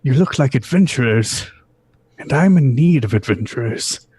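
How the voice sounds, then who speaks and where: A man's voice: medium pitch, expressive, moderate pace, a little mellow, breathy edge. A man doing a stern old bookish scholar. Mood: apologetic. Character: old male scholar with book and cane.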